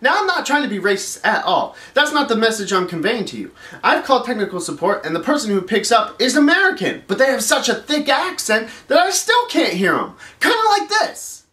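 A man's voice: extremely high pitch, very animated, brisk, sharp tone. A man hosting a comedic rant vlog, exasperated and swearing as he complains. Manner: exasperated, profane ranting. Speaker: vlog host. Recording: roomy echo.

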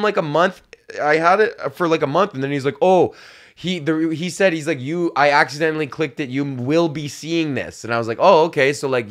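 A man's voice: fairly high pitch, fairly bright tone. A young man from Canada telling a long comedic story on his podcast. He rambles in a profane, loose way, often breaks into laughter and acts out the people he quotes. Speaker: podcast host. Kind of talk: casual comedic rant.

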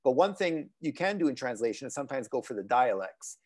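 Host, male, from Italian-speaking Switzerland, mid-pitched voice, loose questions that he keeps rewording. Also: big pitch swings, fairly quick. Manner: rambling, rephrasing questions as he goes. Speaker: interviewer host. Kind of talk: conversational interview.

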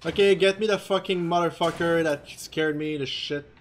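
A young man playing a horror game who talks loudly, gets frustrated, and yells and swears at what is on screen. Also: on the high side, steady tone, moderate pace, slight background noise. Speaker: let's play gamer. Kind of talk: loud horror game commentary.

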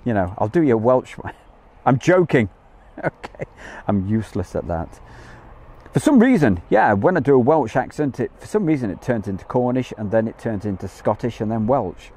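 A man's voice: fairly low pitch, expressive, normal speed, darkish tone. A man hosting a live stream outdoors from a campsite field, chatting in a jokey way and greeting viewers by name. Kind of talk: casual live-stream chat.

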